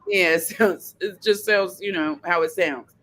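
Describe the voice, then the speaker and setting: A woman hosting a casual podcast chat, animated and sassy, laughing often as she talks. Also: on the low side, unhurried. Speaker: podcast host.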